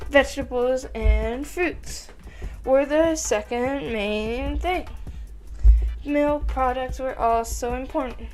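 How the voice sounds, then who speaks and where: A teenage girl talking through her study notes in a slow, offhand way and swearing casually. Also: sits high, a little mellow, faint music behind. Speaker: student.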